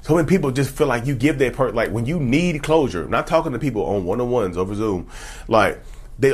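A man's voice: mid-range voice, animated, fairly quick, breathy edge. A man talking casually to camera as a self-help YouTuber, emphatic and preachy, firing off rhetorical questions. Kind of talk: casual direct-to-camera advice talk.

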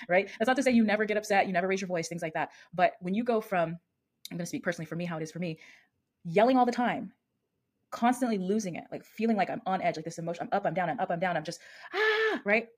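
Woman in her thirties, solo podcast host and coach, rapid earnest delivery, somewhat low voice. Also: a little mellow. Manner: earnest, fast-talking, repeats and rephrases herself.

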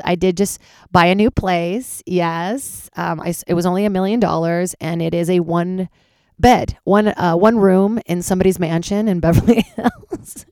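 A woman's voice: on the low side, vocal fry, darkish tone, no room sound, clean studio sound. A woman stand-up comedian, tired, chatting candidly and swearing freely in a solo podcast recorded in a closet. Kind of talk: casual solo podcast chat.

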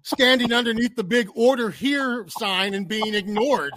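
A man with a notably high voice co-hosting a loose comedy chat show. He answers in dry, wry asides and sly riffs. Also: a little slow, a bit bright. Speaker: podcast co-host.

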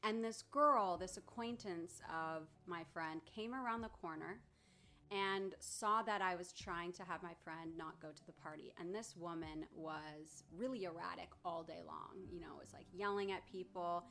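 A woman therapist recounting a personal story to her followers, candid and emotional, with pauses and restarts. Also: lowish voice, steady tone, pushed and bright. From Southern California.

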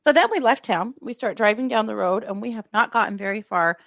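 A woman's voice: fairly high pitch, a little fast, creaky, no room sound, studio quality. A woman co-hosting a true crime podcast, telling a story in casual chat and acting out what people said. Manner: lively retelling with acted-out quotes.

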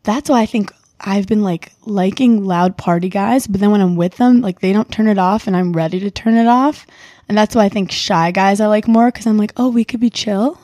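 A woman's voice: mid-range voice, moderate pace, mellow, no echo. Chatty young New woman, dry mic. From New York City, Brooklyn. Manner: chatty, blunt, full of "like" fillers. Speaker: podcast guest. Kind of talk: casual chat.

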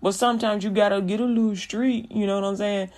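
A woman's voice: mid-range voice, fairly even intonation, fast, darkish tone. A woman minister preaching casually, folksy and direct, acting out examples and laughing often.

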